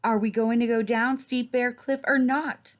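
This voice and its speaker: A woman's voice: on the high side, steady tone, unhurried, dull audio, pitched above the performer's own voice, close to an everyday voice. A woman voicing Miranda, a bold and pushy new girl cub, in a daring manner.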